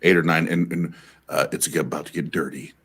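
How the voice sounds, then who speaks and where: A man's voice: extremely low pitch, steady tone, brisk, fairly bright tone, breathy edge. A man on a remote call mic in casual, bawdy joking chat, stammering and restarting as he talks. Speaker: guest reader on a call-in stream.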